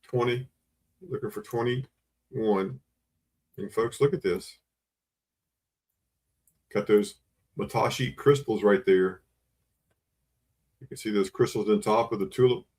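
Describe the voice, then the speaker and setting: A man's voice: lowish voice, takes it slowly, pauses often, a little mellow. A man hosting a live online auction, repeating bids and coaxing buyers with auctioneer patter. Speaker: livestream auction host.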